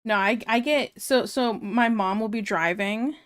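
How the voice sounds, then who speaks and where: A woman's voice: on the high side, a little slow. A woman streamer chatting casually and reading viewer comments aloud, ranting in an exasperated way and laughing often.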